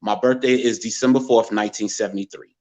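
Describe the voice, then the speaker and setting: A man in his forties from the American Midwest, telling a personal story as a guest and acting out other people's words in lively quotes. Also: on the low side, fast talker. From Gary, Indiana, USA. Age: 40s. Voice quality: animated storyteller who acts out others' words.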